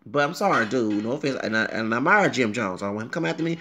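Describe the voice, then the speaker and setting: A man's voice: medium pitch, lively intonation, very fast, fairly bright tone, a little hiss or hum. A man delivering a rambling, opinionated rant, often asking "okay?" and "you know what I'm saying?". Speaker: commentator. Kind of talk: casual rant.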